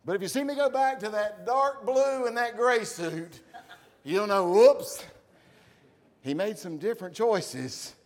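A man's voice: sits high, unhurried. A man preaching a sermon, telling stories and acting out the voices of people in them. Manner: animated storytelling, acts out voices. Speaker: pastor.

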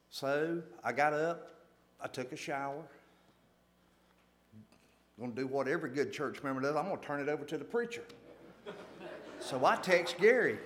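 A man's voice: fairly high pitch, moderate pace, long pauses, fairly bright tone, a little hiss or hum. A man telling a folksy, self-deprecating story to a church gathering, repeating phrases for emphasis. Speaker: church lay speaker.

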